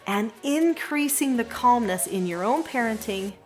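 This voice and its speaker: A middle-aged woman teaches parents how to handle tantrums. Her delivery is earnest and reassuring, and she often lowers into a gentle, soothing voice to model calm. It sounds like a direct-to-camera parenting lesson. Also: a little slow, faint music behind. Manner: warm, earnest and reassuring, sometimes drops to a soft calm voice. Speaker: parenting educator.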